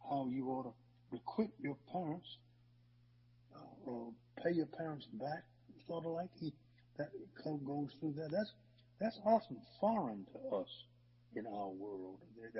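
A pastor preaching a sermon, telling folksy stories in a rambling way with many restarts. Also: male voice, mid-range voice, husky. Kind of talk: sermon with storytelling. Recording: dull lo-fi recording in a hall.

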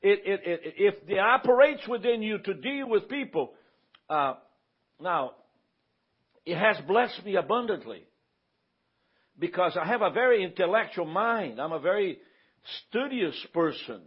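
Teaching a Bible class at church, a pastor talks conversationally and keeps checking that the room follows him. His voice sits high with a breathy edge and is expressive and unhurried, with long pauses, heard through a dull lo-fi recording.

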